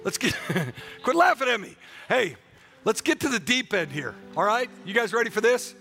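A male pastor preaching a passionate sermon in a high, gravelly voice with a bright, forceful edge. He swings between shouted declarations and call-and-response with the congregation, then drops into joking asides. Faint instrumental music plays behind him. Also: big pitch swings, moderate pace.

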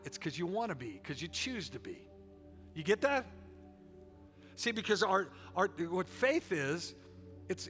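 A man's voice: high voice, pushed and bright. A middle-aged man preaching a sermon with a folksy, joking and emphatic delivery. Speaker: pastor.

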